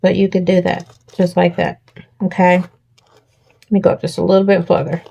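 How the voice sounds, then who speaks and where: A woman with a slightly low voice hosts a homemade craft tutorial. She explains each cut and fold step by step in a chatty, instructive way, often pausing to check in with the viewer. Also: flat delivery, creaky, mellow.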